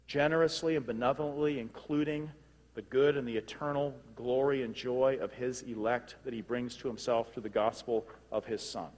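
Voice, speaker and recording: A man preaching a sermon, emphatic, with loud rising bursts and quick laughs. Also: mid-range voice. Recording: long hall reverb.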